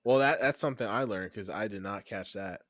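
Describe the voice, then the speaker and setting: Male co-host from New Jersey, lower voice, dry mic, teasing recapper. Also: brisk, a bit bright, dry recording. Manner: teasing, recaps scenes at length. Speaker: podcast co-host. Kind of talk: casual TV recap chat.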